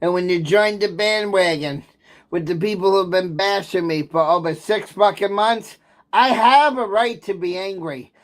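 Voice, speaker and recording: A man's voice: high-pitched, moderate pace. A man in an angry livestream rant, bitter, aggrieved and heavy with profanity, agitated and sometimes near tears.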